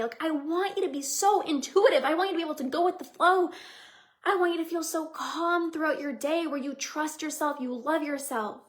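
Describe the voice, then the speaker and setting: A woman's voice: high-pitched, a little fast. A young woman hosting a solo motivational podcast as a coach, talking earnestly and heartfelt, with lots of repetition and "like". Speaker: podcast host and binge-eating coach.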